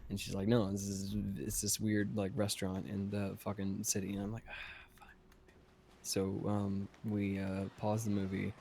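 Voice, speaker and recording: A man's voice: lowish voice, vocal fry, darkish tone, slight background noise. A man telling a long story in a casual, rambling, profane way. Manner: profane, rambling, laid-back. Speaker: podcast host.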